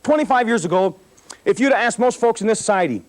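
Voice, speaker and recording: A man's voice: high voice, expressive, fast talker. A man giving a folksy, emphatic talk to students at a school assembly, repeating phrases for effect. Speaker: motivational speaker to students.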